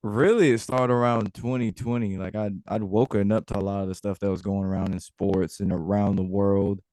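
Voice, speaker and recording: Young male guest, lowish voice, easygoing with fillers, dry close sound. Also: normal speed, no room sound. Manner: relaxed, lots of filler words. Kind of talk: casual interview.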